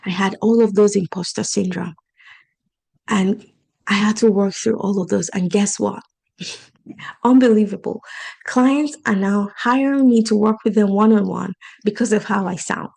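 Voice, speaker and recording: Woman with an accent, coach-host type, earnest solo podcast delivery, middle pitch. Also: moderate pace, vocal fry, darkish tone, husky. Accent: non-native English accent. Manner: earnest, encouraging, speaks directly to listeners.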